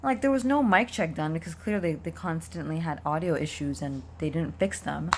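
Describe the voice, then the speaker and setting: A woman's voice: sits low, moderate pace, slight background noise. A young woman streamer from Canada, talking casually to her viewers in a rambling way while losing her voice. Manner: chatty, rambling, frequent ums and likes. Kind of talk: casual vlog talk to viewers.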